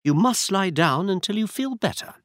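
A man voicing a polite young woman in a soft, courteous, raised voice. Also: high voice, expressive, moderate pace, no echo, studio quality, voice pushed up. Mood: solicitous.

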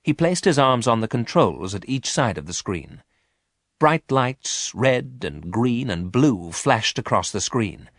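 A man narrating a storybook in a clear, expressive reading. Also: medium pitch, measured pace, dry recording, clean studio sound.

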